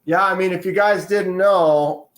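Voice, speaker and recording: A man with a slightly raised voice talks in a slow, unhurried drawl, rambling and thinking aloud with easy chuckles. He speaks into a phone in a garage, and the room gives his voice a roomy echo. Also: high voice, steady tone, a bit bright. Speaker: livestream co-host. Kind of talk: casual chat. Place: garage, indoors.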